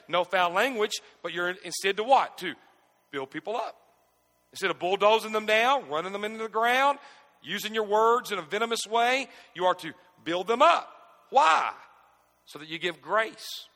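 Pastor, high bright voice, lively pitch, hall reverb. Calls and responses with the congregation. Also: male voice. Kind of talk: sermon. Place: church sanctuary.

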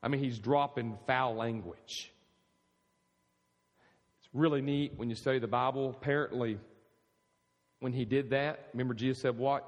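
A man's voice: medium pitch, steady tone, normal speed, long pauses. A male pastor preaches in a mid-range voice, storytelling and asking the room questions. His voice rings with a long hall reverb. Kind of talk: sermon.

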